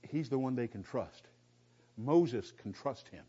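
A man's voice: mid-range voice, animated, unhurried, mellow, breathy edge. A middle-aged man teaching the Bible in a conversational way. He is emphatic, repeats key phrases, asks rhetorical questions and often restarts his sentences with folksy asides. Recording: dull lo-fi recording.

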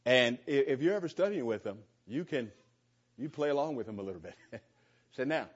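Male pastor teaching scripture, husky tone, dull lo-fi recording; earnest, stumbling restarts. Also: mid-range voice, lively intonation, normal speed. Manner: earnest, repeats words and restarts often. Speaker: pastor teaching a Bible study. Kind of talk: conversational Bible teaching. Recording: slightly dull lo-fi sound.

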